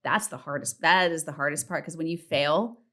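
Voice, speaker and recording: A woman in her thirties hosting a casual solo podcast from home, chatty and candid, swearing freely and acting out her self-talk in a high voice. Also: moderate pace, a bit bright. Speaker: podcast host. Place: home, partner in the next room.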